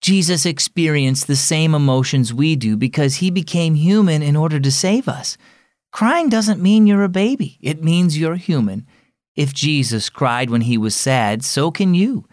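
A man voicing a mother who gently comforts her son, speaking in a soft, soothing way. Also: fairly high pitch, animated, a little slow, no room sound, clean studio sound. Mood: gentle.

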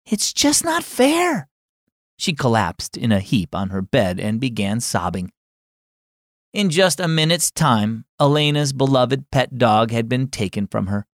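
A man hosts a children's devotional, reading a story in a gentle, scripted cadence. His voice swings freely up and down as he narrates. The recording is dry and close, with no room sound. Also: medium pitch, lively intonation, a little slow, dry recording. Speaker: host and storyteller.

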